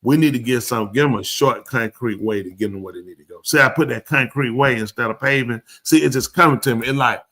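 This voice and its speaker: Man hosting a live show, bright punchy voice, aave, goofy and repeating himself. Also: medium pitch, fast talker, hardly any pauses. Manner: playful, repeats words, drawling and animated. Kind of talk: casual live-stream banter.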